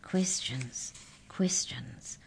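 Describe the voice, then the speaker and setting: A woman reading a storybook aloud, voicing a calm, wise mouse who speaks softly and quietly. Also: low voice, measured pace, slight background noise. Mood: hushed. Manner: soft and hushed.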